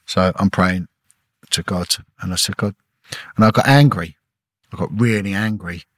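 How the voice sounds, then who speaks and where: A middle-aged man, a former detective, telling an emotional personal story in a halting way, repeating words and acting out what people said. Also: deep voice, no echo. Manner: halting, repeats words, acts out quoted dialogue. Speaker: podcast guest, former police detective.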